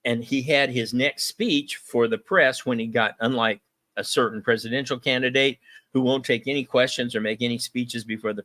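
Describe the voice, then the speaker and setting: A man's voice: mid-range voice, fairly bright tone, no room sound. A man hosting a political talk show who tells stories in a conversational, folksy way, full of ums and uhs.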